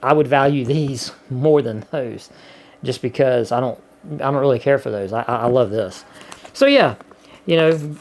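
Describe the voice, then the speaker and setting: A man's voice: medium pitch, normal speed. A man chatting casually to camera in a folksy, rambling way, full of "you know" and restarts. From Gulf Coast of the US. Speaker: vlogger.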